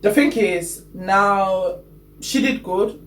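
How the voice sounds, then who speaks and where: High-voiced man chatting in an echoey room. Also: slow. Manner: animated, playful storytelling with quoted asides. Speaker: podcast co-host. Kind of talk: casual chat. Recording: echoey room, mic at a distance, faint noise.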